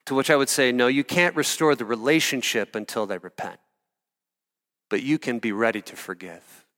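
A man preaching a sermon in an earnest, animated way, spinning stories and tossing asides to the congregation. His voice sits at an ordinary middle pitch. It rings with the long reverb of a large hall. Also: normal speed. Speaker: pastor.

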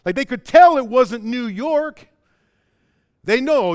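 Animated Chicago-area male preacher. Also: slow, clean tone. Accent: Chicago-area American. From American Midwest. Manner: animated, swings between loud emphatic and quiet low passages; stumbles and repeats words when excited. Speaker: pastor. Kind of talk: sermon.

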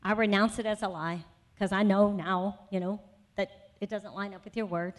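At a conference session, a woman shares a personal testimony in a sermon, telling her story conversationally with many asides before building to emphatic conviction. Her voice is medium-pitched with fairly even intonation and normal speed.

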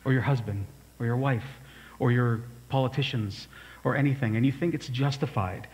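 A man's voice: mid-range voice, moderate pace, darkish tone, low-quality recording. Conversational male pastor telling a story. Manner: storytelling, conversational, asides to the congregation. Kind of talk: sermon.

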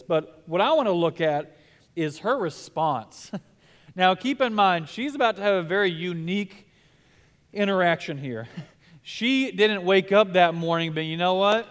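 Male pastor delivering a lively sermon in a high voice, playful and dramatic. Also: clear, resonant tone. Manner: animated, acts out scripture dialogue with laughs.

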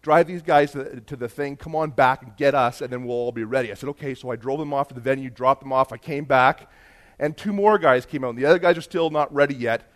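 A man preaching a sermon, telling a story and rising into loud emphatic bursts. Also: medium pitch, quick pace. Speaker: pastor.

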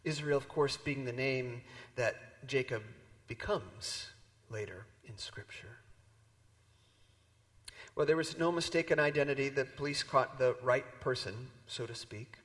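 A man preaching a sermon, telling a story and moving between loud emphasis and hushed, near-whispered lines. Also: medium pitch, a little slow. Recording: long hall reverb.

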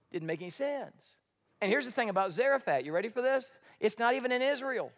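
A male minister preaching a sermon in an animated, conversational way, full of rhetorical questions. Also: very high-pitched, fast, gravelly, long reverb tail.

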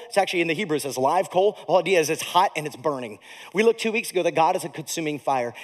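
Pastor guy preaching, fairly high voice, gets hushed then fired up. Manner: passionate, swings from hushed to excited. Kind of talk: sermon. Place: church stage.

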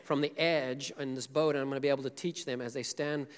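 A man's voice: mid-range voice, steady tone, fast talker, clean tone, close to an everyday voice. A man voicing a friendly, laid-back adult teacher who talks casually, recorded in an echoey hall. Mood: easygoing.

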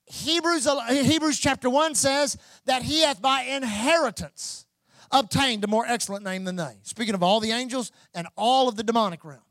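A man preaching a sermon as pastor, building to loud, repeated calls to his church. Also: very high-pitched, moderate pace, dry recording. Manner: preaching with rising, shouted repetition.

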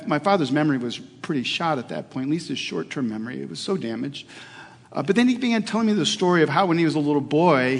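A man's voice: on the high side, creaky. A middle-aged male pastor preaching a sermon, telling a personal story in an earnest way with hesitations and restarts. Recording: long hall reverb.

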